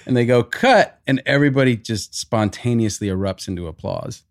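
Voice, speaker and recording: A middle-aged man as a podcast guest, telling stories in an animated way, swearing casually, with frequent restarts. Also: medium pitch, brisk, no room sound, studio quality. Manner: animated storyteller, swears, acts out quotes.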